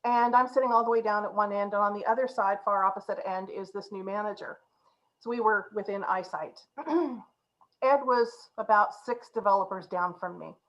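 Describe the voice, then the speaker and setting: A woman agile coach telling a story to a group in an animated way, laughing now and then. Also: medium pitch, normal speed, dull audio.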